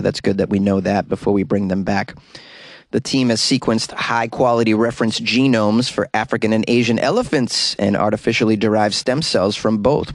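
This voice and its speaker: A man's voice: fairly low pitch, no room sound. Sarcastic man riffing on news stories. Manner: sarcastic, wry asides. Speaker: news commentary host. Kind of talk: reading news with joking asides.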